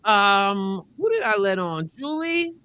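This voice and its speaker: A woman hosts a live call-in sports stream with a bright, forceful voice. The sound is dry and close, and she talks in a chatty way, repeating words while she reads comments. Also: mid-range voice, very animated, slow pace, smooth, no echo. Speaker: host.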